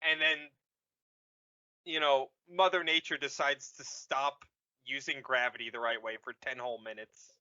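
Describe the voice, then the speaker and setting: Profane rambling podcast host, man, bright voice, dull lo-fi recording. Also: medium pitch, steady tone, moderate pace. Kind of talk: casual movie recap.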